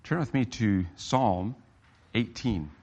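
A man's voice: fairly low pitch, slow, dark tone, husky, dull audio. A middle-aged man preaching a sermon in an emphatic, earnest way, his voice rising and dropping for emphasis.

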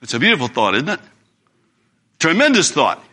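Earnest, bright-voiced male preacher. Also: fairly high pitch, huge pitch swings, normal speed. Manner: earnest, emphatic, reads scripture aloud. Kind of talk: sermon.

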